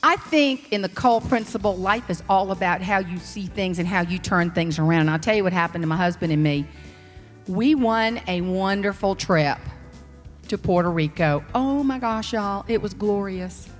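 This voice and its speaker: A woman with a Southern US accent, a motivational speaker telling folksy, animated stories in a humorous keynote. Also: mid-range voice, moderate pace, big-room sound, soft background music. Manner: animated, folksy, slips into character voices. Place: large hall on stage.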